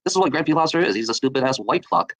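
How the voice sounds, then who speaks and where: A man's voice: a little high, expressive, racing, music in the background, poor audio. A man on a livestream, ranting in a mocking, profane, repetitive way.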